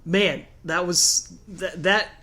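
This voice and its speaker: A man's voice: sits high, fairly even intonation, takes it slowly, bright, forceful tone. A man, co-hosting a podcast and telling stories casually, often breaking into laughter. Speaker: podcast co-host. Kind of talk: casual storytelling chat.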